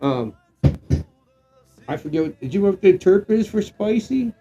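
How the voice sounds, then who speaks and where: Drunk middle-aged man, rambling livestream chat, swearing, a bit high-voiced, faint music behind. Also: moderate pace, dull audio. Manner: rambling, loose and excitable, swearing, drifts into shouts. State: getting drunk. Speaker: live stream co-host.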